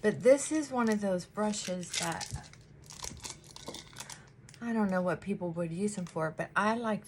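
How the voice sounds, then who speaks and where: A woman therapist chatting casually while doing her makeup, animated and acting out her clients' voices. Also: medium pitch, measured pace, noisy background.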